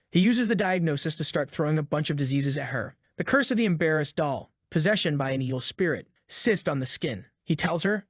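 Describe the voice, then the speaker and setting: A man narrating a comic story recap in a brisk, playful storytelling manner. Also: a little high, animated, no echo, clean studio sound.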